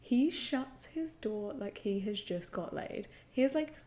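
A woman's voice: a little high, expressive, measured pace, a crowd in the background. Ranting woman podcast co-host. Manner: ranting, exaggerated, swearing. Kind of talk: casual chat.

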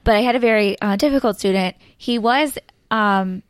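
A woman's voice: mid-range voice, moderate pace, no echo, clean studio sound. Hesitant woman teacher, lots of ums. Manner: hesitant, many ums and you-knows. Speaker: teacher, podcast guest. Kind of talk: casual podcast chat.

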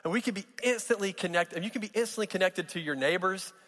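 A man's voice: high voice, fast, a bit bright. A man giving a sermon as pastor, conversational and joking, with frequent restarts. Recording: long reverb of a large hall.

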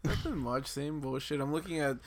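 A man's voice: a little high, a little fast. Easygoing rambling young man. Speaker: podcast co-host. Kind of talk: casual chat.

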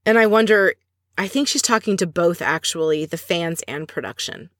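A woman's voice: on the low side, moderate pace, fairly bright tone, no room sound, studio quality. A woman hosting a podcast, chatting casually as she recaps scenes and adds opinionated asides. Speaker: podcast host recapping a reality show.

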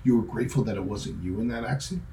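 Middle-aged male pastor, mellow voice, joking conversational sermon, echoey room. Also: mid-range voice, very fast.

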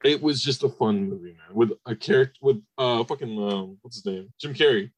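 A man's voice: mid-range voice, brisk, slightly rough, dry recording, rough recording. A man co-hosting a casual movie trailer podcast, enthusiastic and laughing easily, swearing casually. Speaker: podcast co-host.

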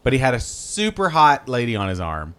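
A man's voice: mid-range voice, wildly swooping pitch, brisk, a bit bright, smooth. A man co-hosting a podcast in casual chat, joking and laughing often. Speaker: podcast co-host.

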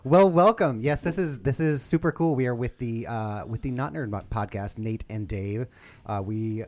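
A man's voice: medium pitch, moderate pace, darkish tone. A man co-hosting a podcast in casual chat, enthusiastic and jokey. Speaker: podcast co-host.

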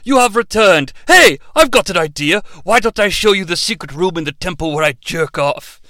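A man's voice: high voice, animated, moderate pace, pushed and bright, dry recording, clean studio sound. A man voicing an eager, fawning male monk who gushes over a visitor.

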